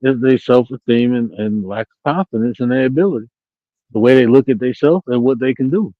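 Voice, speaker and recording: A man talking bluntly and profanely from home on a live-stream panel, telling animated stories with laughter. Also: mid-range voice, a little fast, no echo, narrow, tinny audio.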